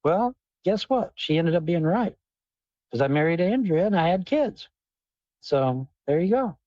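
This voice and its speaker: Man, higher pitch, mellow, swearing livestream host in a car, dull dry audio. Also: very animated, measured pace, dry recording. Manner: profane, rambling, answers chat questions. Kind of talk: rambling livestream chat.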